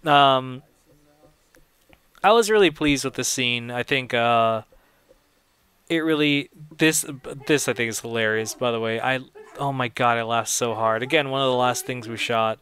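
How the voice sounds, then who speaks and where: A man's voice: medium pitch, unhurried, sharp tone, smooth. A young man giving casual audio commentary on his own film, rambling and chatty, often laughing at his own jokes.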